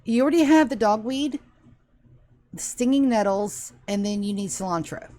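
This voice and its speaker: A woman's voice: on the high side, normal speed, dark tone, no room sound. A woman narrating a tabletop game as game master, casual and swearing freely.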